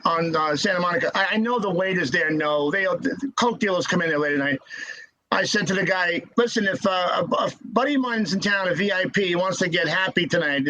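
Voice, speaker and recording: A man telling stories as a podcast guest in casual chat, halting and repeating words as he restarts. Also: high voice, pushed and bright, rough recording.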